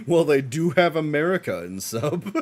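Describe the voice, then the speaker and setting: A man streaming a live watch-along, reacting excitedly with frequent laughs and casual swearing. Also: fairly high pitch, takes it slowly.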